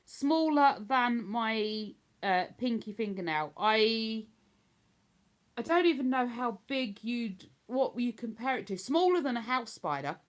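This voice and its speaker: Answering viewer comments in a casual livestream chat is an older host from Hertfordshire, England, with an accent between posh and London. She speaks in a slightly high, expressive voice and never hurries.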